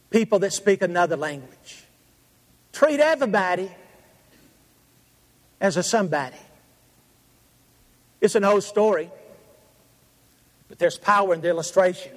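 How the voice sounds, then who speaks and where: A man preaching a sermon, telling a story in rhythmic, repeated phrases with dramatic pauses. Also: high-pitched. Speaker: pastor. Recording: long hall reverb.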